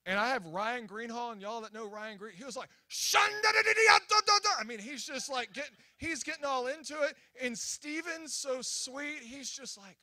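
A young man preaching at a church, telling a story in an animated, excitable way with many restarts and acted-out quotes. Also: extremely high pitch, moderate pace, few pauses, no room sound. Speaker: guest preacher. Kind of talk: sermon storytelling. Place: church sanctuary.

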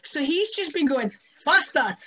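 A woman with a Scottish accent telling stories as a wrestler guest on a podcast, chatty and animated, often laughing and saying "like" and "right?". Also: a little high, moderate pace. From Scotland. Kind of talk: casual storytelling interview. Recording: muffled lo-fi audio.

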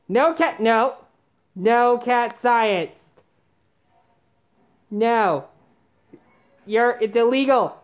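Woman, unhurried delivery, exasperated comic rant, repeated yelled protests. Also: a little high, dull audio. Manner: exasperated, yelling "no" over and over. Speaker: comedy video maker.

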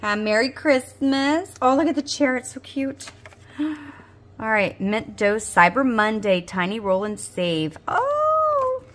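A woman's voice: fairly high pitch, takes it slowly. A woman, chatting casually as she unboxes budgeting supplies, gasping and gushing. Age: 40s. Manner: gushing, gasps and squeals with delight. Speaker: budgeting video host.

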